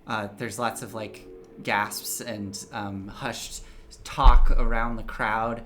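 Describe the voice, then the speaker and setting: A man's voice: lowish voice, flat delivery, takes it slowly, music in the background. A man running a tabletop game as game master, narrating in a casual, rambling way with many fillers.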